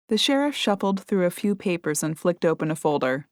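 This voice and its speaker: Lady reading an audiobook, lowish voice, dry close sound, steady storytelling. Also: brisk, hardly any pauses, no echo. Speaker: audiobook narrator. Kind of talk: scripted narration.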